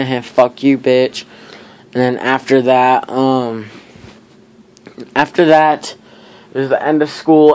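A man's voice: medium pitch, darkish tone. A young adult man vlogging, telling a casual story in a rambling way, with lots of filler words and frequent swearing.

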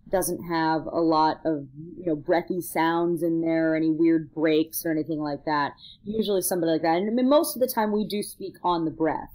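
A woman opera singer and vocal coach talking casually on a podcast, explaining in a lively way and laughing now and then. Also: fairly low pitch, rough recording.

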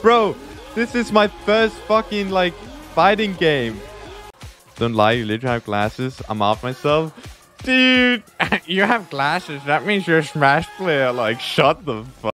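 A young man talking on a gaming live stream, excitable and profane, with a fairly high voice that jumps around. He draws his words out slowly as he reacts, often breaking into laughter. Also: soft background music.

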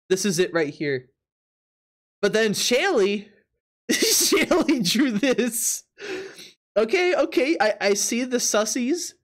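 Giggly streamer cracking up. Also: mid-range voice. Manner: laughs often, incredulous, repeats and restarts. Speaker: Twitch streamer. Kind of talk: live-stream commentary.

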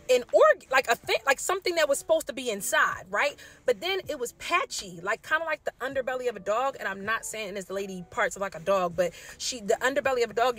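A woman who works as a nurse, telling a story to camera in a casual, animated way and firing off rhetorical questions. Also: on the high side. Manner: animated, colloquial, jumps into loud acted reactions; asks rapid rhetorical questions to the audience.

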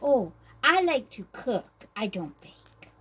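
A woman voicing a vain, bossy girl doll who hosts a tea party and calls herself a queen, talking in a haughty, showy way with drawn-out emphasis. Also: on the high side, very animated, fairly bright tone, breathy edge, full character voice, poor audio. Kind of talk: doll play role-play.

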